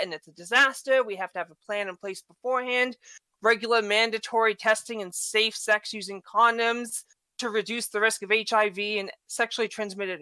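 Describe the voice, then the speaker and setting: A woman with a thick non-native English accent reads a prepared argument as a podcast guest. Her voice is bright and forward, the sound dry and close. She trips over words now and then and restarts. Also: on the high side, dry recording. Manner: stumbles and restarts, laughs it off.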